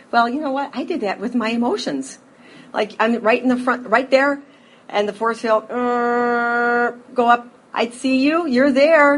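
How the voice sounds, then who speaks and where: A middle-aged woman giving a personal recovery testimony to a live audience, telling her story in a lively way, acting out scenes, with frequent fillers. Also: mid-range voice, a little hiss or hum. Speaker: speaker sharing a recovery story.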